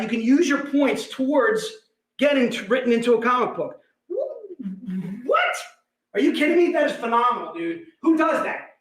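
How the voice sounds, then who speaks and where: A man hosting a livestream and selling collectibles, talking in an excitable, joking way. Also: very high voice. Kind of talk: livestream sales pitch. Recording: echoey room.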